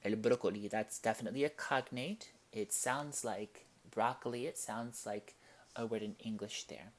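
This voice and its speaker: A man teaching a Spanish lesson, explaining each point slowly and deliberately and reading out example sentences. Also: on the low side, fairly even intonation. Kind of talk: classroom-style language lesson.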